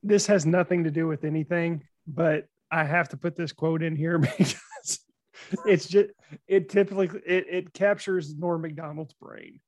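A man co-hosting a podcast, telling a lively anecdote in casual chat and laughing often. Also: fairly high pitch, moderate pace, no room sound. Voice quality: gravelly. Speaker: podcast co-host.

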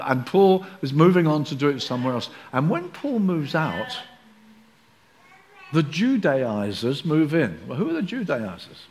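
A male preacher delivering a church sermon with a fairly high voice. He talks in an animated way and slips into the voices of the people he describes. His delivery is that of a pastor speaking from the front.

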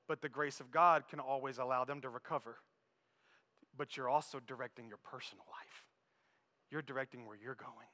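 A man preaching a sermon as pastor, swinging between quiet low passages and loud raised ones. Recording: long hall reverb.

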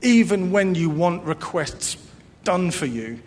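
A fairly high-voiced man preaches with earnest repetition, dropping to a hush and then rising to strong emphasis. His voice rings with a long hall reverb. A faint low rumble sits underneath. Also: lively intonation, takes it slowly. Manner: earnest, repeats phrases, swings between loud emphasis and hushed softness. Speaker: pastor. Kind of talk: sermon.

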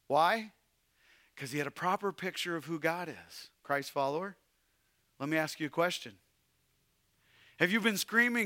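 A man preaching a sermon, swinging between loud calls and hushed, quiet passages. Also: fairly high pitch, lively intonation, normal speed, pauses often, no room sound, studio quality. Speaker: pastor.

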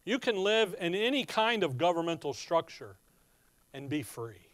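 High-voiced emphatic male preacher. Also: very animated, normal speed, no room sound. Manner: emphatic and conversational, with rhetorical questions. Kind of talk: sermon with Bible reading.

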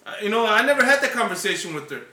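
A man's voice: high-pitched, sing-song, very fast, roomy sound, distant mic, crowd noise. A man hosting a podcast and telling a long story in casual, profane chat. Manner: profane, laid-back storyteller. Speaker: podcast host.

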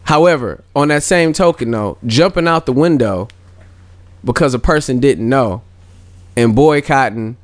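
Male podcast co-host, mid-range voice, relaxed slangy talker who pushes back, dry sound. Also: medium pitch, a little slow, dry recording. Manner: laid-back, questioning, slangy. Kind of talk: casual chat.

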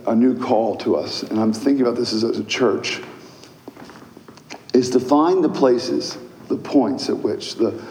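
A man preaching a sermon as pastor, musing at times and rising to loud, emphatic proclamation. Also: mid-range voice, slight background noise. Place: church. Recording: echoey church hall.

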